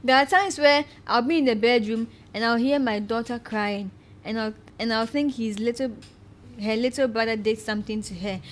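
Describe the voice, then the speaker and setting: A woman's voice: on the high side, normal speed, slight background noise. A woman hosting a podcast, chatting casually and animatedly, laughing often and repeating herself for emphasis. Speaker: podcast host. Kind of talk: casual chat.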